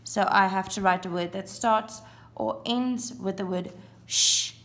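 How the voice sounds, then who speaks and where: Woman, primary teacher, very slow and deliberate, phonics lesson for young learners. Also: mid-range voice, steady tone, fairly bright tone. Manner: slow, clear, sounding out letters and counting aloud.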